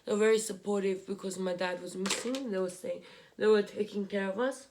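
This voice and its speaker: A young woman, telling a painful family story in a vlog while crying, halting and repeating herself. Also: medium pitch, fairly even intonation, background noise. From Australia. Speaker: vlogger. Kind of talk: emotional personal story while doing makeup. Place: home room, indoors.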